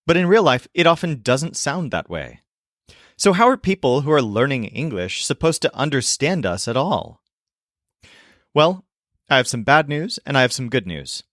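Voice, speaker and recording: Man teaching pronunciation, animated pitch, dry close sound, clear explainer delivery. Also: dry recording. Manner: clear, demonstrative, slows to model pronunciation. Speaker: language teacher. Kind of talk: explainer video narration.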